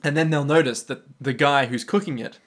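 A man co-hosting a podcast in casual chat, playful and slipping into quick character voices. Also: on the high side, fairly bright tone. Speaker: podcast co-host.

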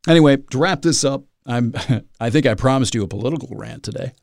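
Man, podcast host, rambling monologue, self-mocking, gravelly. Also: mid-range voice, a little fast, a little mellow, no echo, studio quality.

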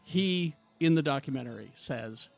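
A man's voice: on the high side, animated, normal speed, creaky, soft background music. A man hosting a casual podcast chat about films, steering the talk and swearing freely. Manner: leads the segments, swears casually. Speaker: podcast host.

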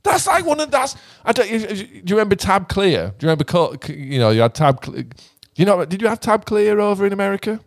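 A young British man in casual chat, animated and rambling, swearing and laughing often. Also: sits high, fast. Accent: British English. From Britain.

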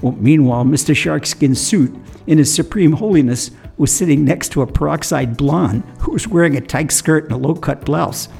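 A man's voice: a little high, normal speed, vocal fry, darkish tone, soft background music. A man telling a folksy story that turns into a sermon, chuckling now and then as he goes. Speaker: storyteller and religious teacher.

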